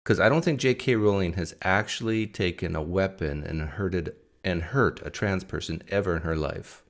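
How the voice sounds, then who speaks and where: A man's voice: sits low, moderate pace. A man hosting a live stream, reacting to a clip and firing off rhetorical questions in a casual, argumentative way.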